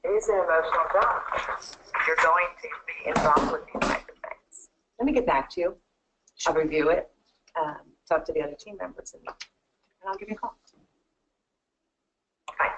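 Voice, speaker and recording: Low-voiced, direct woman interviewer. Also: moderate pace, long pauses, heavy background noise. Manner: direct, probing questions. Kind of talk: job interview.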